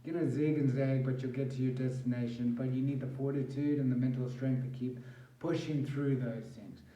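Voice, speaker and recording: A man's voice: medium pitch, steady tone, brisk, dark tone, recorded from a distance. A man talking bluntly and candidly in a vlog, swearing heavily and rambling as he vents his frustration. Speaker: vlogger sharing brain injury recovery. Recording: roomy echo, voice a bit off-mic.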